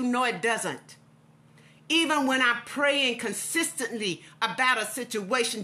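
A woman's voice: fairly high pitch, sharp tone. A middle-aged woman preaching an impassioned devotional sermon with a repetitive cadence.

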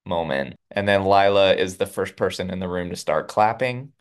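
A man co-hosting a podcast, a history teacher, retelling a TV episode in animated casual chat with laughs. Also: low voice, moderate pace. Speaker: podcast co-host.

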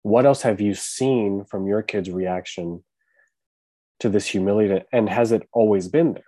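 A man's voice: fairly low pitch, moderate pace, warm tone. A man hosting a podcast who asks curious follow-up questions in a loose, chatty way, with lots of "like.". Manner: curious, many "like" fillers. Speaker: podcast host. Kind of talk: casual podcast interview.

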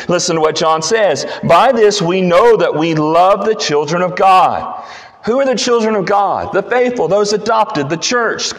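Male pastor, fairly high voice, emphatic preaching, echoing church sanctuary. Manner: emphatic preaching, rising to repeated declarations. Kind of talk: sermon. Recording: long hall reverb.

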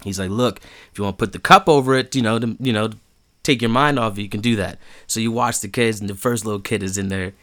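A man co-hosting a casual chat, retelling what he watched with lively acted-out quotes and frequent laughter. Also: quick pace. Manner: animated storyteller, acts out quotes with big pitch jumps and laughs.

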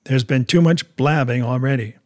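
A man's voice: mid-range voice, normal speed, close to an everyday voice. A man reading as a stern, blunt sea captain. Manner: firm, clipped and direct. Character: blunt stern male ship captain, plain-spoken. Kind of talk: audiobook character reading.

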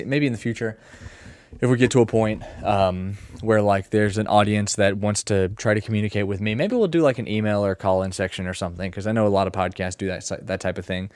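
A man hosting a casual solo podcast from his mom's house, rambling in a joking, self-mocking way with animated swings in loudness. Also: lowish voice, no room sound. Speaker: podcast host and streamer.

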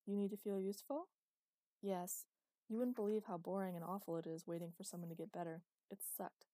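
A woman reading an audiobook, voicing a protective, teasing young man in her own mellow, dry voice. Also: medium pitch, fairly even intonation, a little fast, no room sound, natural voice. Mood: gentle. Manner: teasing, firm. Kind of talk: audiobook character voice.

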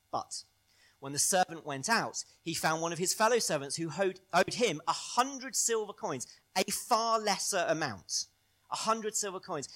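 Man, pastor, sermon, animated, bright forceful tone, slightly high voice. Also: normal speed. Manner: animated preaching that swings from loud to soft.

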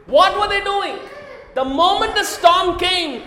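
A man's voice: extremely high pitch, a little slow, sharp tone. A man preaching a sermon, asking the congregation questions and often raising his voice for emphasis. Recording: echoey hall.

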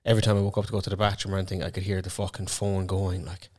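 A man's voice: sits low, little pitch movement, very fast, a little mellow. A young man with a Cork accent, co-hosting a podcast and telling stories in casual chat, swearing freely. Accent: Irish, Cork. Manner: swears freely, storytelling with voiced asides. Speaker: podcast co-host.

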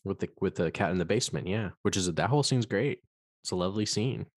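A man's voice: low-pitched, expressive, fast talker, dry recording, studio quality. A man co-hosting a podcast, chatting loosely about a film, rambling and swearing as he acts out quotes. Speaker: podcast co-host. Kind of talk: casual film discussion.

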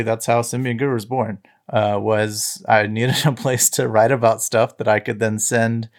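A man's voice: medium pitch, vocal fry. A man on a podcast as a guest, reminiscing casually in a rambling way, full of fillers and restarts. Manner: rambling, filler-heavy storytelling. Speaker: podcast guest, tech site founder.

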